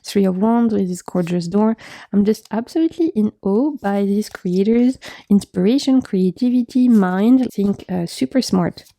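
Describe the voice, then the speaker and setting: Young woman with a gravelly, dark voice, chatty and gushing over her deck collection. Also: mid-range voice, expressive, moderate pace, no echo. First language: French. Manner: enthusiastic, gushing, frequent laughs and fillers. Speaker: tarot vlogger. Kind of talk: casual chat showing tarot decks.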